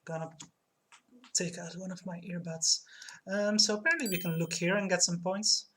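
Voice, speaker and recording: A woman streaming a point-and-click game, talking quietly and chatting with her viewers. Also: lowish voice, steady tone, moderate pace, breathy edge. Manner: soft, quiet, chatty with live chat. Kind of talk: casual game playthrough, reading text aloud.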